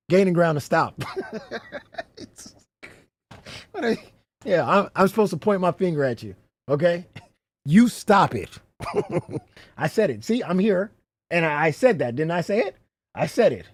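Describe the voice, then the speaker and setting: A man's voice: on the high side, no room sound. A man hosting a casual livestream, rambling, swearing freely and breaking into laughter often. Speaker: livestream host.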